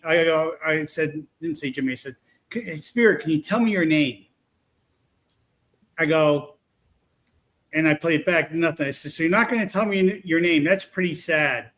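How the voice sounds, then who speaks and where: A man casually telling a long, rambling story about his paranormal investigations, full of restarts. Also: on the high side. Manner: rambling, animated retelling with restarts.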